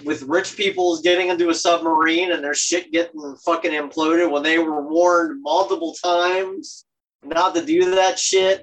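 A podcast co-host in casual chat, blunt and profane, with short agreeing replies between longer takes. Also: female voice, fairly low pitch, low-quality recording.

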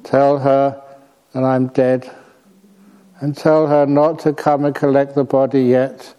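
Ghost of a young woman, soft, slow, pleading, as a male storyteller puts her on. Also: mid-range voice, little pitch movement, clean tone, muffled recording, lightly acted. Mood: urgent.

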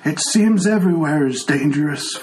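A man's voice: a little high, animated, moderate pace, darkish tone, natural voice, rough recording. A man voicing an old blind male tiefling who speaks politely in a raised, slightly quavering voice. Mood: courteous.

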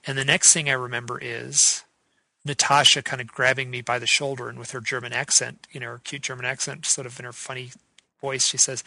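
Male host, gravelly and bright, close dry sound, rambling storyteller. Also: medium pitch, flat delivery, fairly quick, no echo, low-quality recording. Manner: rambling, many restarts and fillers. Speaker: podcast host. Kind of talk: casual interview chat.

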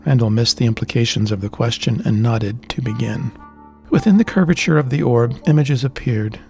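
A man narrating a fantasy audiobook in a steady, deliberate reading style. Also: medium pitch, creaky, soft background music.

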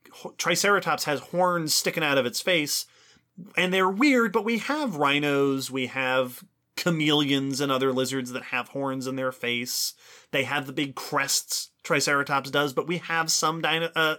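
A man co-hosting an educational podcast, explaining in an enthusiastic, lively way. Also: a little high. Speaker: podcast co-host. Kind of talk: educational casual chat.

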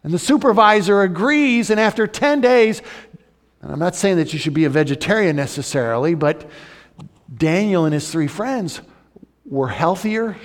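A man preaching a sermon as pastor, swinging from loud urgent emphasis to soft, intimate appeals. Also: a little high, big-room sound.

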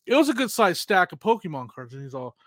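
A middle-aged man with a high voice chats casually on a podcast, spinning long stories with a laugh in them. He mimics the people he talks about. The sound is dry and close. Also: sing-song, fairly bright tone, no room sound. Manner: rambling anecdotes, quick laughs, acts out voices in stories. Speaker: podcast co-host. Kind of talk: casual chat, storytelling.

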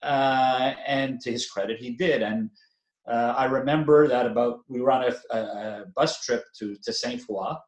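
A man's voice: mid-range voice, steady tone, normal speed. Older man coach in a roomy space. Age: 60s. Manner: rambling, self-deprecating, chuckles, many fillers and restarts. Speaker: basketball coach, interview guest. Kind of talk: casual interview talk.

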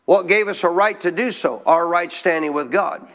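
At a moderate pace, a pastor with a high, slightly bright voice preaches emphatically to his congregation. He quizzes them often and has them repeat lines back to him in call-and-response.

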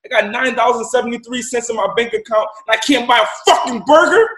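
A man's voice: very high-pitched, fairly quick, fairly bright tone. A man telling a story as a guest, emphatic and profane, repeating lines for effect. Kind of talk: casual storytelling. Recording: roomy echo.

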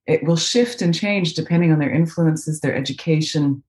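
A low, darkish-toned woman's voice at a moderate pace: a Canadian voice actress with a North American accent, speaking from home on a remote video call. The casual interview chat is thoughtful, peppered with fillers and restarts.

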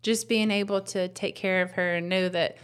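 A woman's voice: on the low side, fairly even intonation, moderate pace, clean tone. A woman, the host's wife and a new mother, sharing her faith story in a tender, reflective way full of fillers. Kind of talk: casual personal testimony.

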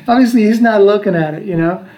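In an echoey room, an American dad in his sixties spins a long, rambling travel tale with restarts and chuckles. His voice is high-pitched with a darkish tone.

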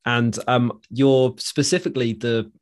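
A man hosting a podcast interview, relaxed and hesitant, with frequent fillers. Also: mid-range voice, unhurried. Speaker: podcast host. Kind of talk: casual interview chat.

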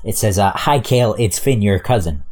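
A man's voice: on the low side, animated, brisk, darkish tone. A young man co-hosting a comics podcast in casual chat, hesitant and full of fillers and restarts. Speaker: podcast co-host.

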